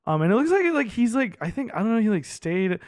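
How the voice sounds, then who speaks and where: A man co-hosting a movie podcast, talking casually and excitedly, peppering his speech with "like" and the odd swear. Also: high-pitched, fast, no room sound, clean studio sound. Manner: animated, heavy use of "like", swears casually. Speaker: podcast co-host.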